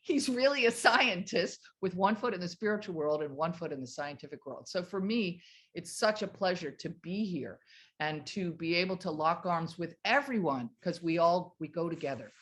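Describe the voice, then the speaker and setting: A woman in her fifties telling a motivational story to her team on a video call, animated and enthusiastic. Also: lowish voice, moderate pace. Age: 50s. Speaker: network marketing team leader.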